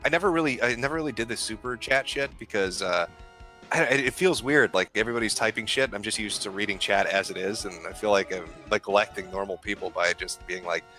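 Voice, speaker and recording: A man's voice: on the low side, fast, sharp tone, faint music behind. A man guesting on a casual livestream, starting over a lot and swearing bluntly. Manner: stammering restarts, blunt and profane. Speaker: stream guest.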